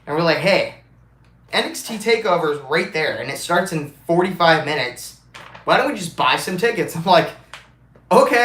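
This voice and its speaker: A young man talks in a casual fan vlog, rambling and excitable, full of ums and uhs. His voice sits a touch high and sounds a little stuffy from allergies. The room around him rings with echo. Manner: rambling, excitable, with many fillers. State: congested, with allergies and swollen mouth. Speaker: wrestling fan vlogger.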